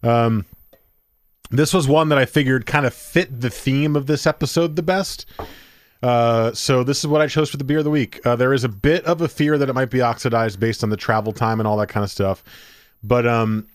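A man hosting a relaxed beer podcast, easygoing and a bit hesitant, with plenty of ums and uhs. His voice has an ordinary mid pitch, and the sound is close and dry. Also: normal speed, dry recording. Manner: easygoing, hesitant with many fillers, laughs along. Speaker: podcast co-host. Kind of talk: casual beer podcast chat.

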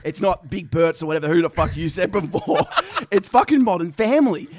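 A young man co-hosting a podcast, swearing and laughing through an animated story. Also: high-pitched, a little fast. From Australia. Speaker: podcast co-host. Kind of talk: casual storytelling chat.

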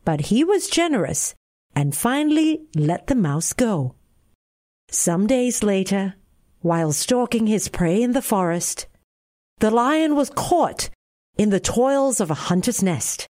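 A woman with a Singaporean accent reading a bedtime fable aloud in a gentle, expressive way. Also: mid-range voice. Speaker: narrator.

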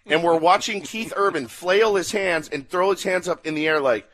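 Male radio host, excitable storyteller, voice sits a bit high. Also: moderate pace. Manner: excitable, acts out quotes, laughing. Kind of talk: casual chat, animated storytelling.

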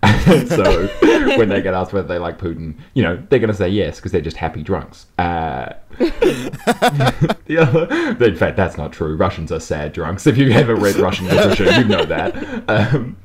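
A man's voice: sits low, big pitch swings, moderate pace, crowd noise. A man on a comedy news panel, riffing in casual banter with rambling, giggly, self-correcting asides.

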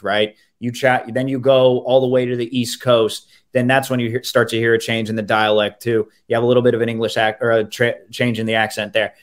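A man hosting a sports podcast, chatting in an enthusiastic, conversational way. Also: mid-range voice. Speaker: podcast host. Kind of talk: casual sports podcast chat.

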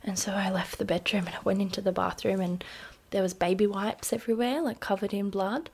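A woman in her thirties with an Australian accent, casually telling a personal story in an interview with lots of "like" fillers and a hushed voice at times. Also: mid-range voice, steady tone, a little fast, breathy edge. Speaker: interview guest.

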